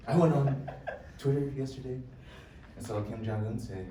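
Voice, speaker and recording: A man's voice: mid-range voice, animated, brisk. A young man presenting a talk to a live audience in a casual, joking way, speaking to the crowd directly. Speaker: poet and presenter. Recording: echoey room, voice heard from far off.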